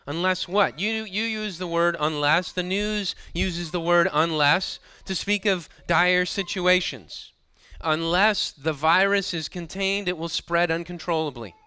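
A man's voice: sits high, unhurried, pushed and bright, clear, resonant tone, no room sound. A man preaching a sermon, building emphasis and dropping into sarcastic asides. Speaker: pastor.

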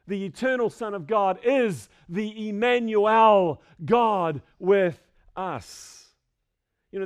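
A male pastor with a smooth, high voice preaches an expository sermon in a church sanctuary that has a screen. Key phrases get extra stress and are repeated to drive them home.

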